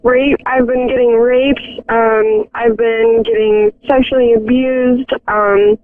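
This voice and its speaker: A woman calling in to a radio show, crying and frightened, speaking haltingly. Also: on the high side, flat delivery, no echo. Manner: halting, hesitant. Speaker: caller. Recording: tinny phone line.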